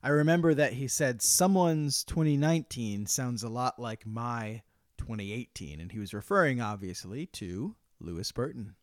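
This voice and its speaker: A man co-hosting a podcast in a relaxed, chatty way. His voice sits at a middle pitch on a dry, close recording with no room echo. He often lets his sentences sink low at the end and hedges as he goes. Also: normal speed. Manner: trails off softly, hedging with "I think". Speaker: podcast co-host. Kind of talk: casual podcast chat and ad read.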